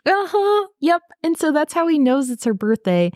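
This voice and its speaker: A woman co-hosting a podcast, recapping a TV drama in a casual, animated way with lots of fillers and swearing. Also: sits high, normal speed, no room sound, clean studio sound. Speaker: podcast co-host.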